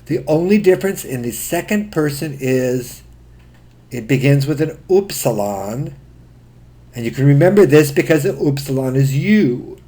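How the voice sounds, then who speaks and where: Slow, methodical male Greek teacher. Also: a little high, animated, dark tone. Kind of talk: recorded lecture.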